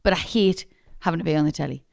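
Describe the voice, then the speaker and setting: A hungover woman co-hosting a relaxed chat show, chatty and self-mocking, laughing easily. Her voice sits close and dry to the mic. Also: low voice, fast, vocal fry, no echo. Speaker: podcast co-host. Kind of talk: casual chat.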